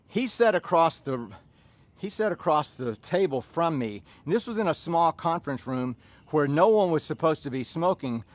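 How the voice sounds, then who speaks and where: A middle-aged man with a Southern US accent telling a story casually, animated, chuckling and restarting phrases. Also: on the high side. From Southern United States. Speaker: fitness coach and storyteller.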